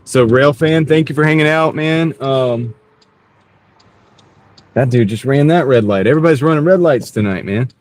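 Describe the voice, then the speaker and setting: A man's voice: mid-range voice, normal speed, pauses often, darkish tone. Guy chatting with his stream from the car, mid voice, road noise under it. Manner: chatty, greets chat viewers by name. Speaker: streaming gig delivery driver. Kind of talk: casual live-stream chat while driving. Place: inside a moving car. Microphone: wireless clip-on mic.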